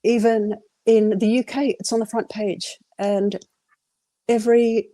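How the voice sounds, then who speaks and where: Candid woman with a mellow voice. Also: fairly high pitch, level tone, unhurried, no room sound. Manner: earnest, candid storytelling. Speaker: guest sharing a testimony. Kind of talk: personal faith testimony.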